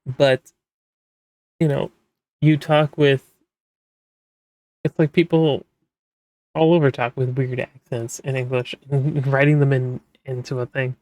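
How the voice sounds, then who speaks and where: A man talks casually, rambling and restarting often, his voice sitting at an ordinary middle pitch. The sound is dry and close, with no room echo. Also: flat delivery, slow, pauses often, darkish tone. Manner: rambling, with many fillers and restarts. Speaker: manga translator, podcast host. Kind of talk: casual explanatory talk.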